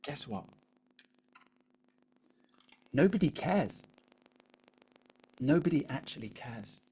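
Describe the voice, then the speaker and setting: A man's voice: mid-range voice, sing-song, a little slow, a little mellow, breathy edge. Chatty British man coaching a webinar. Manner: chatty, keeps asking the audience "all right?". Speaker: LinkedIn coach. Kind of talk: live webinar coaching talk.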